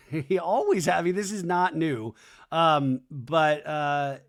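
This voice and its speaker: A man hosting a podcast, giving an animated, chatty comedic TV recap. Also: a little high, slow pace, smooth. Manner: animated, chatty, frequent impressions. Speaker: podcast host.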